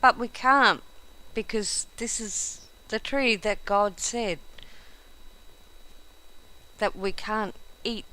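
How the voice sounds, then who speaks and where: A woman's voice: medium pitch, takes it slowly, pauses often, pushed and bright, rough recording. Jaden, a woman voicing an earnest, wary companion.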